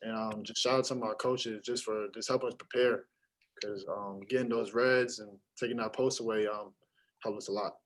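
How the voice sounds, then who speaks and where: Young male athlete, postgame presser; halting delivery full of fillers. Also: on the low side, fairly even intonation, poor audio. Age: young adult. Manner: halting, many fillers and restarts. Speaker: college basketball player. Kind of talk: postgame press conference answers.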